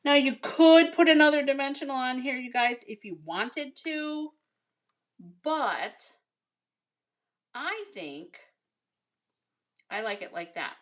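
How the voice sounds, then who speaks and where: A woman's voice: high voice, expressive, slow pace, long pauses. An American woman chatting casually with viewers as she demonstrates a card-making project, calling them "you guys" and "honey.". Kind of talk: casual craft tutorial.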